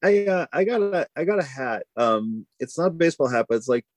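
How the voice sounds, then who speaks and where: A man rambles through relaxed podcast banter, piling on filler words as he goes. His pitch swings widely. The sound is dry and close, with no room around it. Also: fairly quick, dry recording. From Boston area. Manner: rambling, lots of "like" and "you know". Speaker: podcast co-host. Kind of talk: casual chat.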